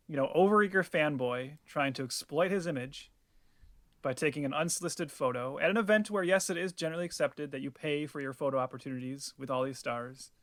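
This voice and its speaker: A man's voice: fairly high pitch, fairly bright tone, no room sound, clean studio sound. A man co-hosting a podcast, teasing his partner with wry, mock-formal arguments. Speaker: podcast co-host. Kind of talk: casual podcast chat.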